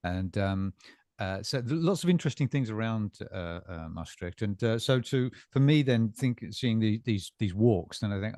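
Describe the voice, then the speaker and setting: A middle-aged man co-hosting a casual bookstore chat, talking in halting bursts with lots of fillers and repeated words. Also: lowish voice, expressive, darkish tone. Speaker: bookstore staff co-host.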